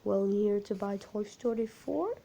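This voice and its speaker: A woman voicing a creepy male shopkeeper who speaks in a flat, quiet, unsettling way in a horror story. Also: high-pitched, a little slow, gravelly, exaggerated voice. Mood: eerie. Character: man, eerie smiling shopkeeper.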